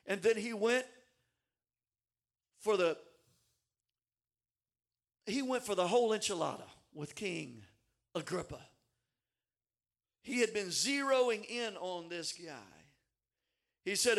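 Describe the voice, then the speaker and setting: A man preaching a sermon, animated and emphatic, with dramatic swings in his delivery and repeated words as he builds up. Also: sits high, slow, vocal fry, pauses often.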